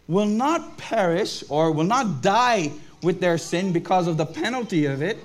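A man's voice: sits high, animated, moderate pace. A man leading a family church service, preaching to children and adults in an upbeat way and asking them questions.

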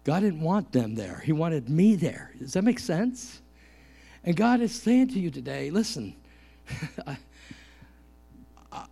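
Middle-aged guy preaching, mellow warm voice, jokes around and keeps asking the crowd if they're with him. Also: a little high, takes it slowly, vocal fry, pauses often, slightly rough. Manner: lively, joking, calls out to the congregation. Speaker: pastor. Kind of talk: sermon.

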